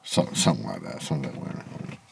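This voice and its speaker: A man's voice: very deep voice, big pitch swings, very fast, gravelly, background noise. A man telling a rambling, aggrieved story to camera in a casual vlog, swearing freely, outdoors in the evening. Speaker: vlogger. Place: outdoors in low evening light.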